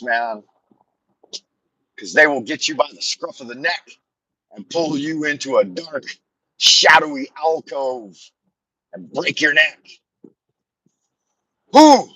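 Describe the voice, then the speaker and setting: A man's voice: mid-range voice, pushed and bright, dry recording, poor audio. Rambling man chatting from his car. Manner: meandering storytelling, self-deprecating humor. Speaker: live streamer. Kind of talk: rambling live stream chat. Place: car while driving. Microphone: phone on a camera mount.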